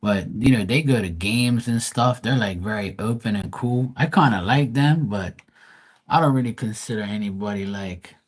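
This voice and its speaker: Bermudian man, lowish voice, loose rambling live-stream host, casual swearing. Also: normal speed, slightly rough, rough recording.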